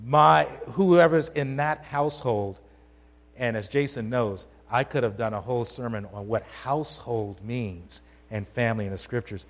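A pastor gives a sermon in a church sanctuary, conversational but emphatic, often turning questions to the congregation. His voice is at a middle pitch for a man, at normal speed, and carries a long hall reverb.

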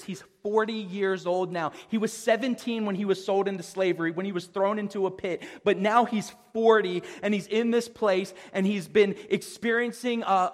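A man with a notably high voice preaches in a relaxed, conversational way, stumbling and restarting phrases as he goes. His words ring out with a long, lingering reverb, as in a large hall. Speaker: pastor. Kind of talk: sermon.

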